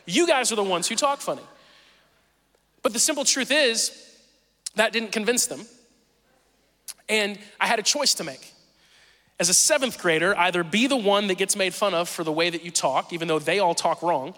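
A man in his thirties with a Southern accent, preaching a sermon and telling animated, self-deprecating stories from his own life. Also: sits high, moderate pace, pauses often, big-room sound. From Southern Missouri. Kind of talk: sermon with personal storytelling.

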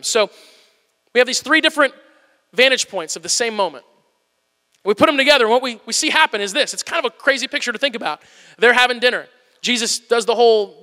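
A man in his thirties preaches with an animated, self-mocking humor and a very high, bright voice. His words carry a long reverb tail from a large church sanctuary. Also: fast talker. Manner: animated, joking and self-deprecating. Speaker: pastor. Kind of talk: humorous sermon.

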